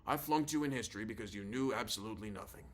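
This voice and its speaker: A man's voice: fairly low pitch, very fast, close to an everyday voice. A man doing a sarcastic old teacher. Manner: sarcastic, repeats himself.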